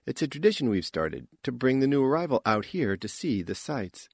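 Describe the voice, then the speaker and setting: A man reading an audiobook, voicing a confident young woman spacefarer in a brisk, lifted voice. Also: medium pitch, big pitch swings, vocal fry, slightly rough, dry recording, clean studio sound, pitched above the performer's own voice, exaggerated voice.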